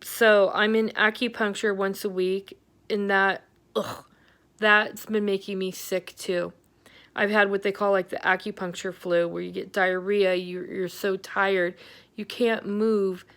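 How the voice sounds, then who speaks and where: A woman's voice: medium pitch, flat delivery, measured pace, a bit bright, clear, resonant tone. Candid woman venting in a rambling vlog. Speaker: vlogger. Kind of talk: personal health update vlog.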